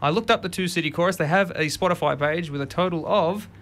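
A young man with a fairly high voice hosts a radio music show. He talks in a chatty, casual way and recaps the tracks with quick asides. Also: a bit bright. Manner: chatty, quick asides, sings snatches of songs. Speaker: radio host.

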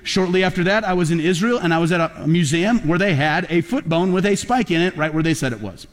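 A man preaching a sermon as a pastor, talking conversationally and rising to loud, emphatic peaks. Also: a little high, quick pace. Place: large church auditorium. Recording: long hall reverb.

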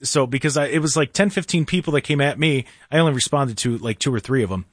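A man's voice: mid-range voice, fast talker, slightly rough, dry recording, clean studio sound. A man hosting a talk radio show, telling a story in a sarcastic, mocking way.

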